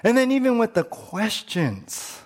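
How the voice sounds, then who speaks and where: A male pastor preaching a sermon in an animated way, repeating words when worked up and dropping low on key words. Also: measured pace.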